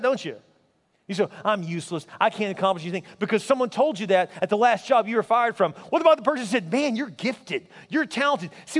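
A middle-aged pastor preaches a sermon in a quick, high-pitched voice. He tells stories with animated energy and acts out the people he quotes. His voice rings with the long reverb of a church hall. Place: church sanctuary.

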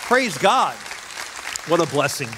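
Preaching slowly in a slightly high, sing-song voice, a pastor in his fifties tells stories emphatically in a church sanctuary, his intensity ebbing and surging. Crowd noise and a noisy background mix with long hall reverb.

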